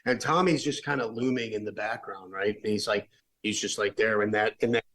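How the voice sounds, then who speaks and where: A man's voice: on the low side, fairly even intonation, fairly quick, a bit bright, rough recording. A late-middle-aged man, a rock musician guest, telling stories in a casual, rambling way, full of restarts and fillers. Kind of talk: casual storytelling.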